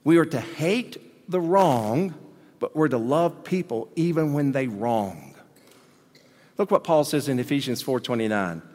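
A man preaching a sermon as pastor, animated, swinging between loud emphasis and quiet asides. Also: mid-range voice, measured pace. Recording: long hall reverb.

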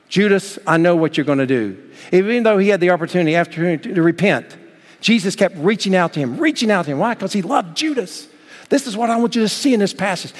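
Preacher with a ringing hall echo. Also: male voice, fairly high pitch. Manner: preaching with dramatic swings between loud and hushed; acts out quoted voices in the story. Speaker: pastor. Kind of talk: sermon.

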